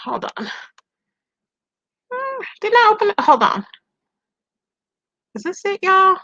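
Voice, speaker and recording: A high, bright woman's voice comes through dull, lo-fi stream audio. She gossips in a loose, chatty way and keeps greeting viewers. She calls the audience "baby" and "y'all". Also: big pitch swings, takes it slowly. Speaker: livestream commentary host. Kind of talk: casual livestream gossip commentary.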